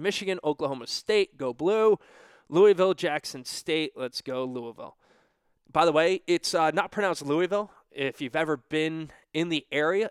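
Young guy rambling thru his bracket picks, kinda high clean voice, dry close mic. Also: fairly bright tone, clean tone, dry recording. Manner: offhand, talking to himself while filling out a bracket. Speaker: bracket picker. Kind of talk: casual solo commentary.

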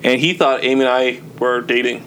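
Animated man retelling a night out. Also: mid-range voice, a little fast. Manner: animated retelling, acts out quotes. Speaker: podcast guest. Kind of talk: casual chat among friends. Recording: faint background noise.

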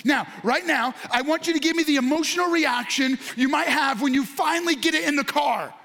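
A pastor delivers a sermon in a strikingly high male voice. He talks straight to the people in front of him and to those watching online, and often breaks into excited, shouted bursts. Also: fairly quick, creaky. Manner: addresses congregation and online viewers directly.

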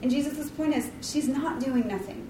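A fairly high-voiced woman gives a casual devotional talk, rambling warmly through likes and ums with a self-deprecating touch. She sits back from the mic in a roomy, echoey space, with a faint hum of ambience behind her. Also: normal speed, recorded from a distance. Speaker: Bible study leader.

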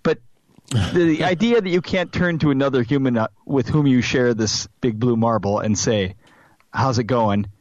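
A man's voice: medium pitch, normal speed, darkish tone, no echo, highs cut off. A middle-aged man co-hosting a casual podcast, playful and wry, spinning extended jokey metaphors. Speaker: podcast co-host. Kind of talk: casual chat.

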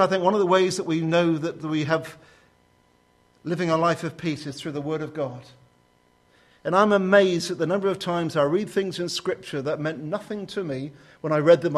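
A man preaching a sermon, telling stories and voicing prayers with sudden lifts in pitch. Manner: storytelling, rising sharply when quoting prayers.

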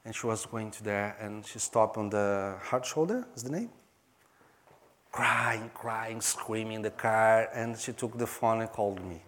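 A pastor from Brazil, speaking in Portuguese-accented English, tells a story earnestly during a sermon, his phrasing halting and non-native. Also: lowish voice, a bit bright.

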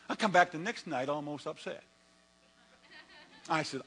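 Man, pastor, sermon, husky voice, bright tone, lively storytelling, hum in the background. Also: fairly high pitch, unhurried, pauses often, poor audio. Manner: animated storytelling, acts out his own past voice.

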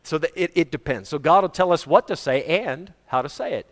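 A middle-aged man preaching a sermon, swinging between booming shouts and soft asides and chuckling often. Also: expressive, a little fast. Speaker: pastor. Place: church hall. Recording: reverberant church hall.

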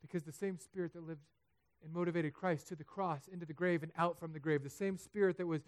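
A man preaching a sermon as pastor, animated and humorous, building to loud, emphatic peaks. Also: on the high side, brisk. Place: church sanctuary.

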